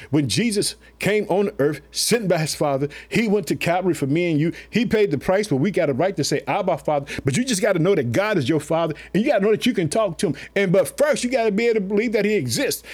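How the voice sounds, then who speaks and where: High-voiced fiery male preacher. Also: darkish tone. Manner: exhorting, repetitive "let me tell you something", call-and-response. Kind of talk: fiery sermon.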